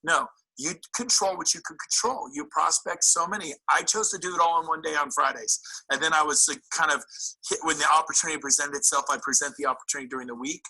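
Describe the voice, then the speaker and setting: A man coaching real estate agents at a live seminar, animated and incredulous, acting out what people said to him. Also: on the high side, fast talker, breathy edge, rough recording. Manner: animated, incredulous, acts out quotes. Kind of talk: motivational seminar talk.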